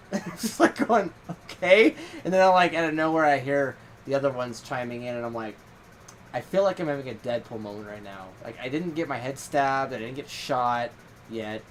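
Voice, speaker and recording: A man of middle pitch hosts a casual podcast chat. He tells his story in a rambling way, with plenty of fillers and lines of quoted dialogue. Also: a little fast, slight background noise, rough recording. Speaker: podcast host.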